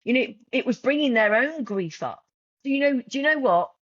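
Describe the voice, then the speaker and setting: On a muffled recording with no room sound, a woman with a high, expressive, slightly bright voice talks a little fast as a podcast guest. She is a journal creator speaking casually and from the heart, restarting and repeating her words often.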